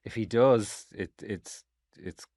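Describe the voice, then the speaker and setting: Irish guy, lowish voice, rambling and swearing a lot, dry close mic. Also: slow, dry recording. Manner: rambling, animated storytelling with swearing. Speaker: actor guest. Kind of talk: casual interview.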